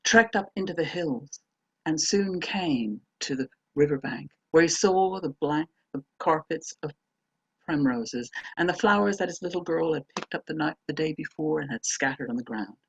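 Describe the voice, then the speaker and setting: A woman telling a folk tale aloud, dramatic, moving between hushed and emphatic delivery. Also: low voice, lively intonation, moderate pace, husky, no echo, dull audio. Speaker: storyteller. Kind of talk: oral folk-tale storytelling.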